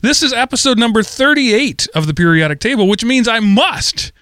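A man's voice: extremely high pitch, expressive, normal speed, pushed and bright, no room sound, clean studio sound. A middle-aged man co-hosting a podcast, telling stories in a rambling way and often correcting himself mid-sentence. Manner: rambling, self-correcting storyteller. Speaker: podcast co-host. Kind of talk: casual chat.

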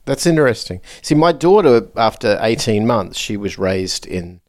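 A low-voiced male podcast co-host tells relaxed anecdotes in casual chat at a normal speed. The recording is dry, with clean studio sound.

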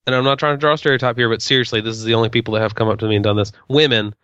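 Male co-host, wry storyteller, smooth voice, slightly dull dry sound. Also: medium pitch, steady tone, very fast, fairly bright tone, dry recording. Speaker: podcast co-host. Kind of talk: casual podcast chat.

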